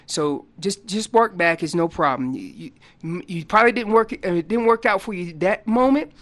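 A guest expert on elk calling explains the calls on a radio show, in a casual interview from the studio. His voice is high and moderately paced, and his folksy, animated delivery includes acting out what the elk are saying.

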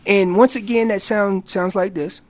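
A man guest on a radio show explaining hunting calls in a casual, animated way, acting out what the animals are saying. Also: high voice, normal speed. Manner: loose casual grammar. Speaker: elk calling champion guest. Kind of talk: instructional radio interview.

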